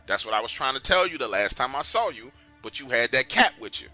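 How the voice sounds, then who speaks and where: A man's voice: mid-range voice, very animated, brisk, bright, forceful tone, faint music behind. A man voicing a cocky male street enforcer who talks in slang and taunts. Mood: easygoing.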